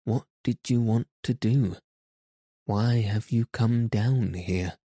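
A man reading the lines of a worried, wealthy gentleman who speaks in a hushed, anxious way. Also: mid-range voice, takes it slowly, slightly rough, no echo, studio quality.

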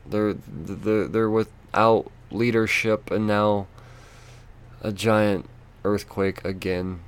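A man's voice: fairly low pitch, fairly even intonation, clean tone. Frustrated, swearing male podcast host. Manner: frustrated, swearing, halting with many restarts. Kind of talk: solo ranting podcast.

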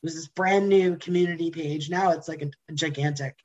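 A woman's voice: low-pitched, fairly quick, a little mellow, muffled recording. A woman telling a personal story about singing in a casual, chatty way, with many fillers and frequent laughs. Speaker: singer telling her story.

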